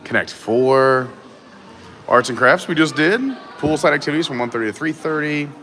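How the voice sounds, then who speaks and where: A man's voice: on the high side, normal speed, fairly bright tone, a little hiss or hum. Chatty man hosting a live stream. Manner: chatty, upbeat, greets viewers. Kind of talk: casual live stream chat. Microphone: gimbal camera.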